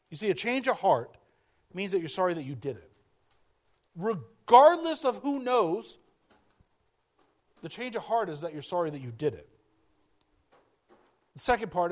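A male pastor preaching a sermon in a conversational way, repeating key phrases and acting out quoted voices. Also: high voice.

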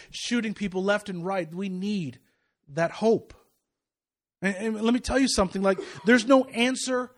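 A man, preaching an impassioned sermon to a church congregation, moving from loud declarations to soft, hushed passages. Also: sits high. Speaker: pastor. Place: church sanctuary.

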